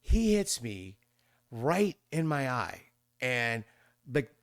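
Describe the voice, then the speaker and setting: Animated storyteller man in his fifties. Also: takes it slowly, no room sound, clean studio sound. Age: 50s. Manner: animated, acting out other people's voices with sudden high squeaks; rambling with many restarts and fillers. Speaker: podcast guest. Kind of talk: conversational storytelling.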